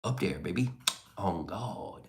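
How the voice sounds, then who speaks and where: A man's voice: low-pitched, expressive, slow, darkish tone. A man streaming casual chat, rambling and swearing as he reads and answers his chat. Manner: rambling, profane, laid-back. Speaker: live streamer reading chat.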